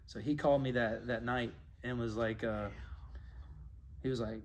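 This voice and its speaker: Man telling a lively story. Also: mid-range voice, normal speed, very noisy. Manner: animated storyteller who acts out the voices of people in his stories. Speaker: MMA coach and fighter. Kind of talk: casual interview storytelling.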